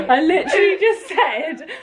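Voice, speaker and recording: A woman's voice: very high-pitched, sing-song, slow. A young woman chatting casually on a vlog, laughing along. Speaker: vlogger. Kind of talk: casual chat.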